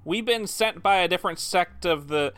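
A man's voice: high-pitched, a bit bright, no room sound, voice pushed up. A man playing a character posing as a cult brother, stammering through a cover story. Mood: nervous. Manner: halting, fumbling cover story.

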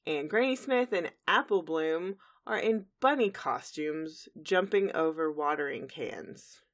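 A woman's voice: sits low, expressive, measured pace. A woman co-hosting a podcast, chattily recapping an episode in casual conversation with lots of fillers. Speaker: podcast co-host.

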